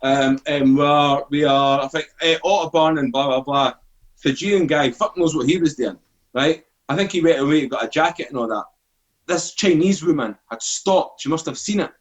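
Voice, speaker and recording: A Scottish man in his forties, with a fairly high pitch and moderate pace, is a podcast guest telling a story. His talk is casual and animated, with swearing, and he acts out what people said.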